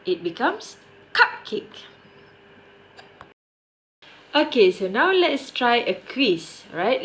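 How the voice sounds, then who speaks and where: A woman's voice: on the high side, fairly bright tone, a little hiss or hum. A young woman with a Malaysian English accent teaching a grammar lesson online. She stresses key words and sometimes switches into Malay. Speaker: primary school English teacher.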